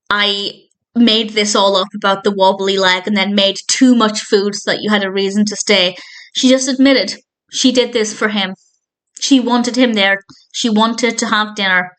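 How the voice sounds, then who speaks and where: A woman's voice: medium pitch, fairly even intonation, a little slow, fairly bright tone. A woman reviewing a TV episode in a casual spoken style, retelling scenes with thoughtful, enthusiastic commentary and small self-corrections. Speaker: film and TV reviewer.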